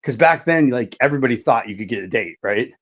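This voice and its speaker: A man's voice: mid-range voice, expressive, fast, fairly bright tone. A middle-aged man telling a story in casual podcast chat, swearing a lot and saying "like" and "right" often.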